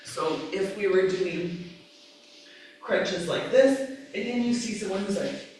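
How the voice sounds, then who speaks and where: Yoga trainer, female, casual and animated, heavy room echo, faint background hum. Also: mid-range voice, unhurried. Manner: casual, lively, acts out cues, laughs often. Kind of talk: live teacher-training class talk. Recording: echoey room, mic far off.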